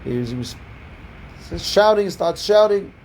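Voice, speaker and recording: Mellow-voiced rabbi telling a rambling story. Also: male voice, high-pitched, animated, moderate pace, a little hiss or hum, low-quality recording. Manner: rambling, repeats words and restarts often; lifts his voice when quoting people. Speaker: Kabbalah teacher, rabbi. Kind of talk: storytelling lesson. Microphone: online video call.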